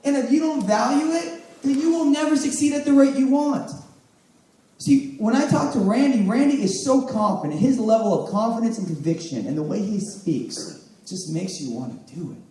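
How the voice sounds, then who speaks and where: A high, lively male voice delivers an emphatic motivational health talk. He calls on people in the audience as he speaks. The sound is very echoey and picked up from a distance. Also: normal speed. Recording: echoey room, mic at a distance.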